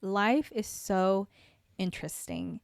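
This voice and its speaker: A woman's voice: medium pitch, slow pace, gravelly, clean tone, dry recording, studio quality. A young woman hosting her own podcast, talking in a rambling, reflective way with lots of fillers and restarts. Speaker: podcast host. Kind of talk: casual solo podcast talk.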